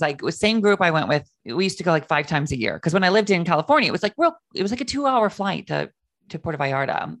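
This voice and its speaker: Chatty gravelly-voiced man hosting. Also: fairly high pitch, dry recording, clean studio sound. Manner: chatty, animated storyteller. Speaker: host. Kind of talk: casual chat show talk. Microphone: video call.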